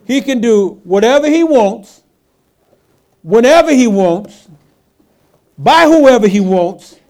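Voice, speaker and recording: Male pastor, sermon delivery: unhurried, animated, from quiet asides to loud emphatic peaks. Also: extremely high pitch. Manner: call-and-response preaching, rhetorical questions to the congregation; swings between hushed asides and loud emphatic lines.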